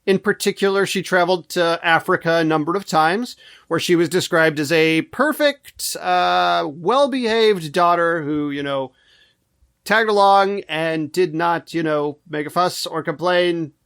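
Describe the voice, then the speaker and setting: A man's voice: a little high, measured pace, gravelly, a bit bright, clean tone. A man co-hosting a podcast, joking dryly while he presents history research in a casual chat. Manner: wry, joking delivery while reading out research. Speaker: co-host presenting the history segment.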